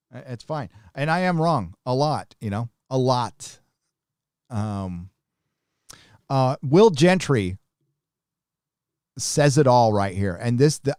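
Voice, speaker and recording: A man's voice: medium pitch, a little mellow, dry recording, studio quality. A man hosting a live stream, chatting casually and reading viewer comments in a blunt, profane, rambling way.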